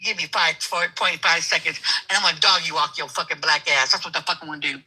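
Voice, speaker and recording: An older woman calling in, arguing heatedly with the host, cursing and shouting at him. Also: sits low, fast, slightly rough, rough recording. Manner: profane, shouting, combative. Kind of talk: heated argument.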